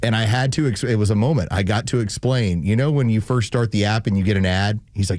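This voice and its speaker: A man's voice: fairly low pitch, quick pace, a little mellow, dry recording. A man co-hosting a morning radio show, telling stories in casual banter and acting out the quotes. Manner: storytelling, acts out quotes. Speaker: radio co-host. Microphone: studio mic.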